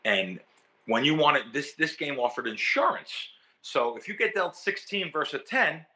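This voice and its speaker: A man with a very bright, forceful voice tells a long story in an interview. He is animated and emotional, stumbling over himself and repeating words as he goes. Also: fairly high pitch, moderate pace. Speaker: guest, professional sports bettor.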